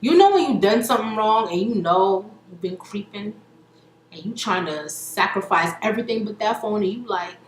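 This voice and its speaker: A young adult woman casually recapping a reality show, chatty and animated, acting out the quotes with laughter. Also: mid-range voice, normal speed. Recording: echoey room with faint noise.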